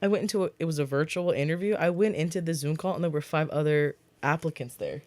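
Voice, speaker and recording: A woman's voice: sits low, fast talker. A young woman co-hosting a podcast in casual chat, telling stories with lots of swearing and acted-out quotes. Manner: animated storyteller, swears freely, acts out quotes. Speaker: podcast co-host.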